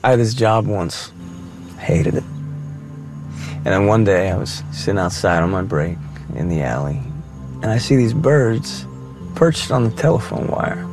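A soft-spoken outlaw with a very low, quiet voice. He talks in a reflective, unhurried way, as if thinking aloud. A loud film score plays under him. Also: expressive, over music. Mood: musing.

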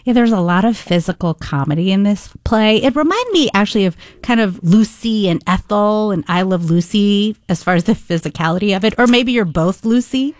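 A woman interviewer asking measured, attentive questions. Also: mid-range voice, animated, no room sound, clean studio sound.

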